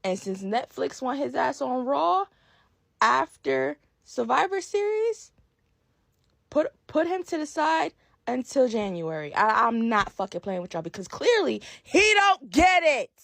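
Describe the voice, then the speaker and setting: A woman's voice: high voice, sing-song, unhurried, creaky, fairly bright tone, dry recording. A woman podcast host delivering a heated, profane rant about wrestling, emphatic and fired-up.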